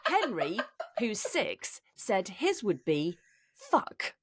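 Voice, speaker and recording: A woman's voice: medium pitch, very animated, drawn-out words, pauses often. A woman, a podcast co-host telling a funny family story and laughing often. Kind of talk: comic anecdote, casual chat.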